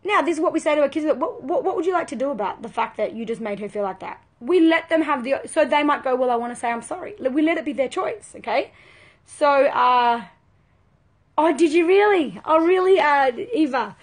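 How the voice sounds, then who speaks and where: High-voiced earnest parenting coach woman. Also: expressive, a little fast. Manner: earnest, emphatic, conversational. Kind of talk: live video talk to viewers.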